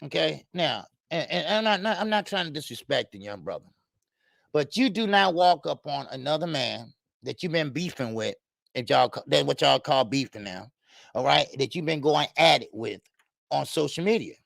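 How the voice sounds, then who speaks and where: A man's voice: on the high side, lively intonation, moderate pace, creaky, a bit bright, no echo, clean studio sound. A man hosting a live boxing talk stream, commenting in a loose, slangy way and greeting viewers in the chat between laughing asides. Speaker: boxing show host.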